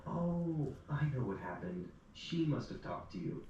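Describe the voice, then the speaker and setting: A man's voice: mid-range voice, big pitch swings, unhurried, dark tone, dull audio, voice pushed up. A man voicing a perky, teasing young barmaid in an echoey room. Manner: teasing, breezy. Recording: echoey room, distant mic, faint hum.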